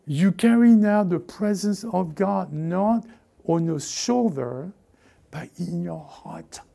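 A male pastor preaching a sermon in an animated way, acting out quoted voices and often restarting his sentences. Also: sits high, slow, creaky.

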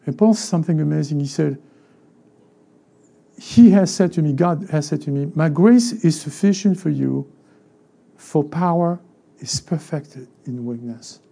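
Animated French-accented preacher, gravelly voice. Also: male voice, on the high side, measured pace. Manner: animated, acts out voices of church members. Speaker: pastor. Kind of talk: sermon.

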